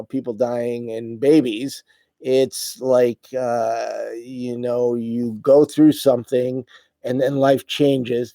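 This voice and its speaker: A middle-aged man chats with viewers on a livestream, tired and stumbling through his words with many fillers. His voice is mellow and warm, recorded close and dry with no room sound. He sounds emotional and worn out. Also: medium pitch, no echo. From United States. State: tired, voice wearing out. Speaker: livestream host. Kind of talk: casual live chat reading viewer comments.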